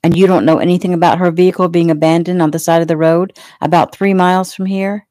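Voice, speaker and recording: A jealous, bullying small-town male cop who barks his questions loud and pushy, as a woman puts him on. The voice keeps a mellow, darker color. The sound is close and dry. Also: high voice, level tone, fast, dry recording, lightly acted. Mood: demanding.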